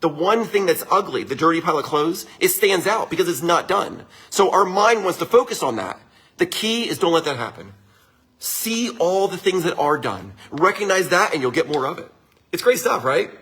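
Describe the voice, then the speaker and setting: A man's voice: high voice, very animated, moderate pace, a bit bright, husky. A middle-aged man, a winery owner, giving a casual motivational talk to viewers in an upbeat, chatty way, often tagging his lines with a question. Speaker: winery owner hosting a livestream.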